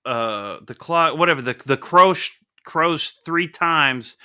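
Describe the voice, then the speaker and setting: A young adult man hosting a casual comic book review, animated, joking and swearing freely. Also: on the high side, slow pace, clear, resonant tone. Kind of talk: casual podcast chat.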